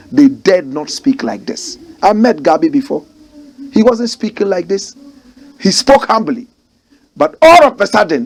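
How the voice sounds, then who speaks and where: A Ghanaian man giving fiery political commentary, mocking and firing rhetorical questions. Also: sits high.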